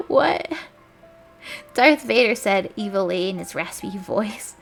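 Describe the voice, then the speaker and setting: A woman's voice: mid-range voice, lively intonation, slow, gravelly, pauses often, faint music behind. A young woman streamer reading a fanfic aloud with mock drama, stumbling over words and chatting casually.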